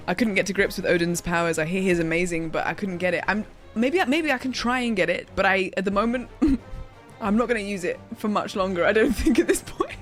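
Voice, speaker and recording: A woman giving casual, excitable let's-play commentary, yelling and laughing at the game as she plays. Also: medium pitch, normal speed. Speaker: gaming streamer. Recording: game music playing under voice. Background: game music.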